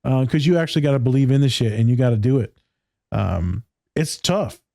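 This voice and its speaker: A man's voice: medium pitch, expressive, fairly quick, creaky, darkish tone, dry recording, studio quality. A man co-hosting a podcast who works as a counselor, talking casually with slang and a lot of swearing. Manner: casual, profane, slangy storytelling.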